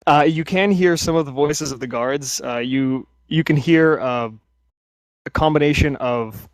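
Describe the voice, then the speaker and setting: A man's voice: on the high side, measured pace, no room sound. A man narrating a tabletop game as game master, often restarting and hesitating mid-sentence.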